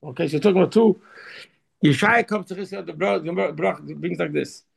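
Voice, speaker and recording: A man giving an informal Torah talk, halting and repeating words, then pressing his points with emphatic urging. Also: sits high. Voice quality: gravelly, husky voice. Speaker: Torah teacher.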